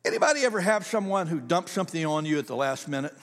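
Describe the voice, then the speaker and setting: An older man preaching a sermon in a conversational, animated storytelling way. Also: on the high side, quick pace, in a large hall. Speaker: pastor.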